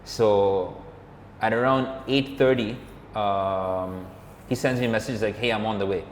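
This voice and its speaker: A man's voice: fairly low pitch, steady tone, unhurried. A man telling a story in a casual, rambling chat, filling his talk with "like" and "or whatever" and acting out what others said. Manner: rambling, filler-heavy, acts out quoted dialogue. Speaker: podcast co-host, motorcyclist. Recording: roomy, reverberant room with faint background hum.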